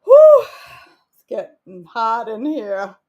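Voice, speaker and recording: A woman's voice: fairly high pitch, measured pace, dull audio, a little hiss or hum. A woman, chatting and joking to herself while she cooks for her vlog. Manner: giggly, joking, talks to herself. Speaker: cooking vlogger. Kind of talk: casual chat while cooking.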